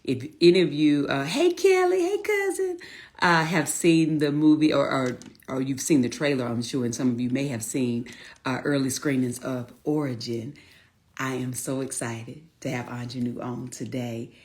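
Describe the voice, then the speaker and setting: A woman's voice: extremely low pitch, steady tone, moderate pace. A woman in her forties hosting a casual livestream, greeting viewers one by one and calling them honey and y'all. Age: 40s. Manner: warm, chatty Southern-style greetings, calls viewers honey and y'all. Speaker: livestream host.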